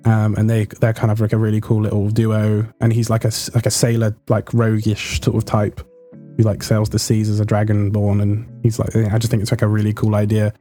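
Chatty young man, mellow tone. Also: on the low side, completely flat delivery, brisk, faint music behind. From United Kingdom. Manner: chatty, rambling, full of fillers and restarts. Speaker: guest player. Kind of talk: casual interview chat.

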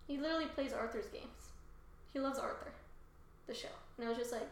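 A young woman co-hosting a podcast in casual chat, animated and joking, swearing freely. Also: sits high, a little fast, a little hiss or hum. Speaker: podcast co-host. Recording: echoey room.

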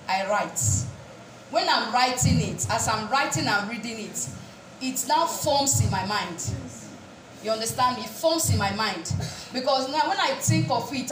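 A woman's voice: a little high, slight background noise. A woman preaching a sermon. She asks the congregation questions and keeps saying "praise God" between points. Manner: call-and-response questions, repeated "praise God". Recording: echoey room, distant mic, faint music.

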